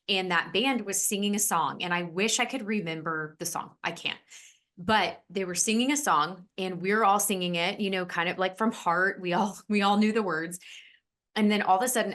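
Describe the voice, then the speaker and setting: A woman podcast host telling a heartfelt personal story in an earnest, emotional way, rushing ahead in quick bursts. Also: fairly low pitch, a bit bright.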